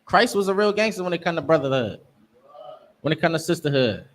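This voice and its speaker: A man's voice: fairly high pitch, lively intonation, brisk. A young man teaching a scripture class, preaching emphatically in street slang. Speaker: class instructor.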